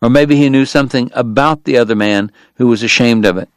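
A male audiobook narrator reads in a steady, measured way. His voice sits in a middle register. It is recorded close and dry, with no room sound. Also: medium pitch, clear, resonant tone, no echo. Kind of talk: scripted narration.

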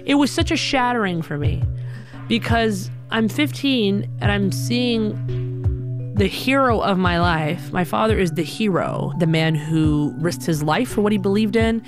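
A woman telling a personal story in an animated, conversational way, with many casual fillers. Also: mid-range voice, a little slow, over music. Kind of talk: personal story told to an audience.

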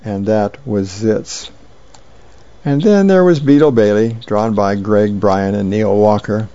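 A man reading newspaper advice letters and comics aloud in a plain, unhurried way, stumbling now and then. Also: on the low side, warm tone, lo-fi sound. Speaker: reader of newspaper features.

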